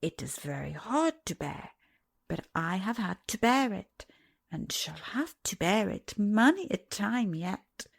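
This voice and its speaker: A wise old grandmother speaks softly and calmly, almost in a whisper, as a woman puts her on. A faint gravelly texture runs under the hush. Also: mid-range voice, takes it slowly, exaggerated voice. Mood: gentle. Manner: soft and hushed, close to a whisper. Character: wise, gentle old grandmother, calm and loving.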